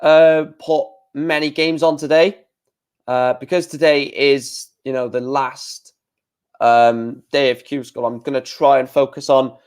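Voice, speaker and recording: Hosting a laid-back live stream, this medium-pitched man goes through darts results and replies to his chat. His talk is full of fillers as he works things out out loud.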